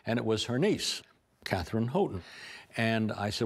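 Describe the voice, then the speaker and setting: An older man, a portrait painter, telling an animated anecdote with a raspy voice and lively asides. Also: on the low side, moderate pace. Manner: animated, acts out voices, stammers. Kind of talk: anecdotal storytelling.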